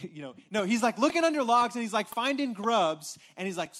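A man's voice: high-pitched, big pitch swings, brisk, few pauses, a bit bright. A man preaching a casual, conversational sermon from a church stage, often checking in with his congregation and restarting his phrases. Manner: informal, repeats words and restarts, frequent "right?" checks with congregation. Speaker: pastor.

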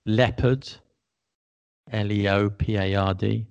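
A man's voice: fairly low pitch, steady tone, slow pace, gravelly, a little mellow, clean tone, no room sound, highs cut off. A man who teaches English, chatting casually and laughing at his own mistakes. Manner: chatty, self-deprecating, laughs often. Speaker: podcast host and English teacher. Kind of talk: casual conversation.

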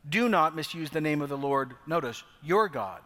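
A middle-aged pastor delivers an earnest sermon, his voice a touch higher than most men's. He slows down to hammer home key phrases. The sound trails off in the long reverb of a church hall. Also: expressive, fairly bright tone.

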